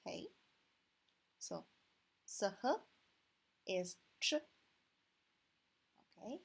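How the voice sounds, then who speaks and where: A woman whose first language is Chinese teaches pronunciation at a very slow, deliberate pace. She repeats each sound one by one and stretches the tones. Her voice is husky and breathy. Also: fairly low pitch, animated, pushed and bright.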